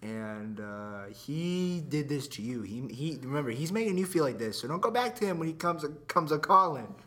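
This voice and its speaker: A man's voice: a little high, expressive, normal speed, pushed and bright. A teenage guy in casual chat, laid-back and teasing, laughing often.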